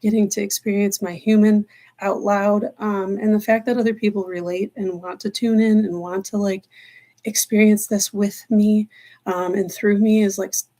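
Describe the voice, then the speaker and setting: Woman, live tarot host, earnest and meandering, slows for emphasis, a bit choked up. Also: mid-range voice, level tone, mellow. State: choked up, near tears. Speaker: tarot reader livestream host. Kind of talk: live-stream spiritual talk.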